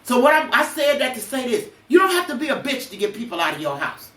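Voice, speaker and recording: A woman's voice: on the high side, very animated, fast, fairly bright tone, roomy sound, recorded from a distance. An older woman hosting a podcast, telling blunt, preachy personal stories with cursing. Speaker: podcast host. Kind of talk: emotional personal monologue.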